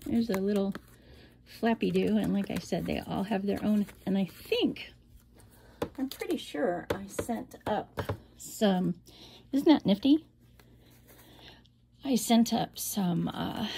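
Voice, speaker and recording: A woman's voice: mid-range voice, expressive, slow pace, vocal fry, pauses often, warm tone, a little hiss or hum. A middle-aged woman casually showing off a handmade album, chatty and rambling, with frequent laughs and whispered asides. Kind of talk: casual show-and-tell.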